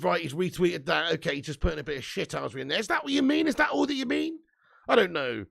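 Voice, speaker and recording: A man hosts a live football fan stream in an indignant, profane rant. His voice sits very high for a man and grinds with strong vocal fry. He keeps swearing as he reacts to the news. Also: animated, quick pace, fairly bright tone. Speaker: fan channel host.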